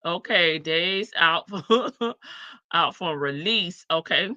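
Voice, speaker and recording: A woman's voice: on the low side, lively intonation, slow pace, bright, forceful tone, no echo, highs cut off. A woman hosting a live stream, reacting with sassy, teasing commentary in speech and laughing often.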